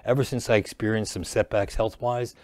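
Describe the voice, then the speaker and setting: A man, an actor and comedian, telling animated stories as a guest in a casual studio interview. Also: on the low side, brisk, dry recording. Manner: animated storyteller who jokes and restarts lines.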